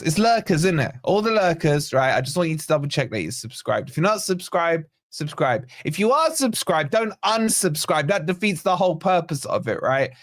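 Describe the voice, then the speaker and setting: A man's voice: a little high, animated, moderate pace. A man hosting a live fan watch-along stream, reading out chat comments with chatty, teasing banter. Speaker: fan channel host.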